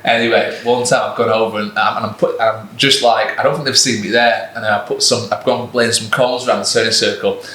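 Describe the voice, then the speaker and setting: A man's voice: lowish voice, fairly even intonation, fairly quick, few pauses, pushed and bright, reverberant, a little hiss or hum, low-quality recording. A man who is a fitness coach and podcast co-host, telling stories in casual chat and laughing often. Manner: chatty storyteller, laughs often.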